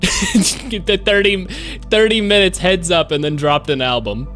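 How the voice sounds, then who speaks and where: Rambling, excitable male streamer. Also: sits high, measured pace, faint music behind. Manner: rambling, excitable, swears freely. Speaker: live streamer. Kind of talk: casual live-stream chat.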